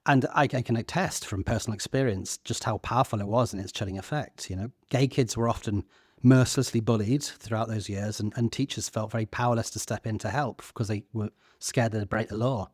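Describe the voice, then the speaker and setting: A man's voice: on the low side, fairly quick, no echo, studio quality. A man in his thirties co-hosting a podcast, talking earnestly with a few stammered restarts. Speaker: podcast co-host. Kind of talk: casual discussion.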